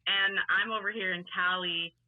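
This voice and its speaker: A woman's voice: mid-range voice, fairly even intonation, moderate pace. A woman in her twenties from Long Island, New York, with a faded Long Island accent, telling stories as a guest in a casual podcast chat, full of fillers and laughs. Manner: chatty, filler-heavy storytelling with laughs. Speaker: guest, lacrosse player and coach. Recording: tinny phone-line sound.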